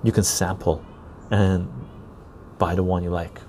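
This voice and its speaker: A man's voice: low-pitched, little pitch movement, a little slow, mellow, a little hiss or hum. A man hosting a casual outdoor podcast, chatting easily with viewers and tagging his sentences with "right?". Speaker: podcast host. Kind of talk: casual chat while reading live chat. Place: outdoor patio garden.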